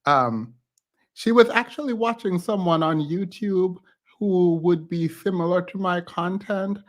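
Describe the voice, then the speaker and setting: A man's voice: sits high, a little slow. A man hosting a live stream from home, tired but chatty, telling a rambling story with frequent laughs. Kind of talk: casual storytelling chat.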